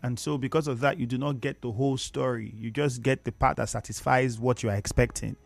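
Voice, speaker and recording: Emphatic Nigerian radio host. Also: male voice, medium pitch, fairly even intonation, a little fast, creaky, no echo, soft background music. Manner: lecturing, emphatic, repeats words for emphasis. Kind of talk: radio talk show, reading listener comments. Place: radio studio. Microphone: studio microphone.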